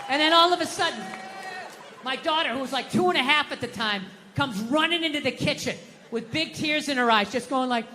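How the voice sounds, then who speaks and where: A male stand-up comedian rants with profane, self-mocking energy into a handheld mic on a stand. His tone is bright. The sound rings out with the long reverb of a large concert hall, over a faint noise floor. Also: very high-pitched, expressive, fast.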